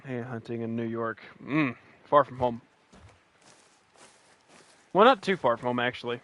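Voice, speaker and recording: A man's voice: mid-range voice, lively intonation, a little slow, a bit bright, highs cut off. A man from West Virginia with a West Virginian accent, giving rambling, joking commentary while he streams a hunting game. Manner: rambling, joking, many restarts. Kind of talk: casual gameplay commentary.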